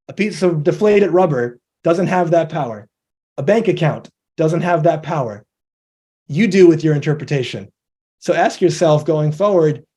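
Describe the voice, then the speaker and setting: A man's voice: high-pitched, a little mellow. A man presenting a motivational talk, explaining ideas step by step and acting out quoted dialogue.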